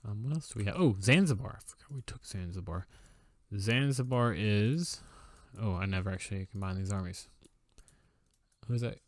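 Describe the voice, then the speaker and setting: A man's voice: on the low side, normal speed, pauses often, dry recording, clean studio sound. A young man casually commenting on his strategy game, musing aloud with fillers and wry asides.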